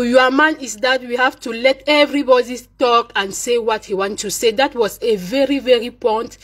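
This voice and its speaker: A woman whose first language is French, speaking hesitantly in a casual message and switching between English and French with many fillers. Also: on the high side. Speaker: vlogger speaking to a fellow live-streamer.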